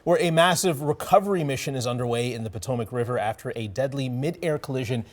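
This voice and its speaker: A man's voice: medium pitch, fast. A man anchoring a morning TV news show, reading stories and joking with co-hosts. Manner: lively, joking.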